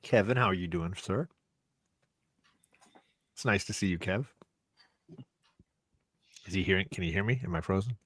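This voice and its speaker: A man's voice: low-pitched, normal speed, long pauses, a bit bright, breathy edge, dry recording. A man joining a casual livestream hangout, teasing the others with dry humor.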